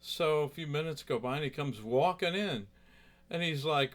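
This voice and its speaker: A man's voice: on the high side, moderate pace. A man who plays guitar telling a story in a rambling, chatty way, full of asides. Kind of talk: casual storytelling.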